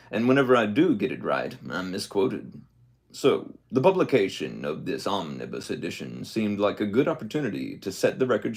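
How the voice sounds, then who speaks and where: A man reading a book aloud in a relaxed way, breaking off now and then with joking comments. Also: low-pitched, gravelly. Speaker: reader. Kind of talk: casual book reading with asides.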